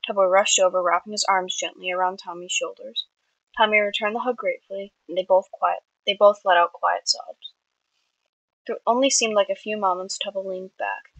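A woman's voice: medium pitch, fairly even intonation, brisk, fairly bright tone, dry recording, low-quality recording. A woman reading her own story aloud earnestly, with small slips and restarts. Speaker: amateur writer.

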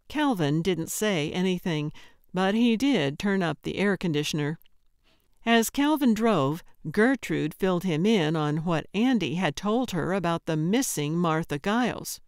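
Measured woman narrating an audiobook. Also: fairly low pitch, smooth, no echo, studio quality. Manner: steady, measured reading. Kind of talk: scripted narration.

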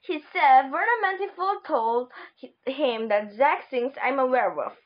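A woman's voice: high voice, lively intonation, a little slow. A woman reading a stern werewolf teacher. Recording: dull lo-fi recording.

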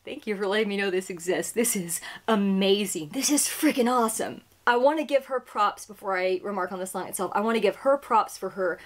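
A woman's voice: mid-range voice, a little fast, few pauses. A woman hosting a music reaction video, chatting casually, gushing and tripping over her words.

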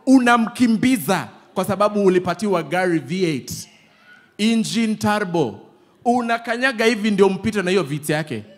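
A high-pitched pastor with a Kenyan accent preaches a sermon full of lively, playful stories. He switches often between English and Swahili.

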